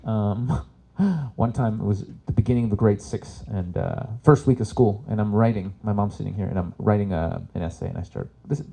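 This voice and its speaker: Doing live stand-up as a workshop host, this Canadian man in his forties keeps it chatty, cursing freely and cracking himself up. He talks a little fast in a fairly low, dark voice with vocal fry and a breathy edge.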